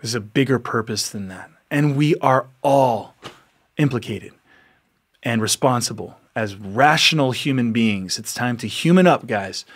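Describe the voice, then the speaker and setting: A man with a mid-range voice, speaking a little slowly, hosts a podcast. His monologue is earnest, exhorting and motivational, and he often repeats himself and laughs between lines.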